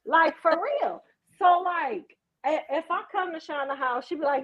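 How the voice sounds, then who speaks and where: A woman's voice: high voice, animated, normal speed. A woman co-hosting a casual chat, talking bluntly and swearing freely. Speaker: podcast co-host. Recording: muffled lo-fi sound.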